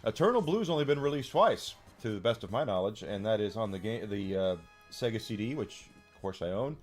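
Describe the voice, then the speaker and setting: A man with a fairly low voice gives laid-back commentary while he plays a game. He rambles, clears his throat often and fills pauses with ums, over faint game music. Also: animated. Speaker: streamer. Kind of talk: casual let's-play commentary.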